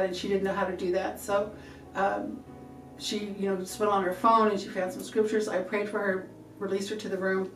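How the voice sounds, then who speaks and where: A middle-aged woman giving an earnest, halting church testimony, often repeating herself. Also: medium pitch, flat delivery, a little hiss or hum. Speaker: testifying believer. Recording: echoey room from a distance, faint music.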